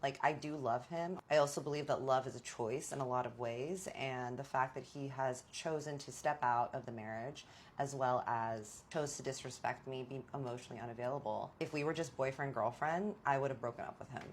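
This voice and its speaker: A young woman telling a personal story in a casual, animated way, acting out the dialogue. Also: extremely low pitch, fairly quick, a little hiss or hum. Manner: animated, dramatic retelling with quoted dialogue.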